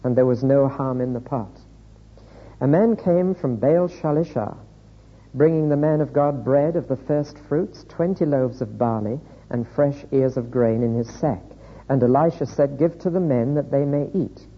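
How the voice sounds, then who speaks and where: A man preaching a sermon, reading scripture aloud in a measured, deliberate way. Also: medium pitch, breathy edge. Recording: echoey hall, dull lo-fi sound.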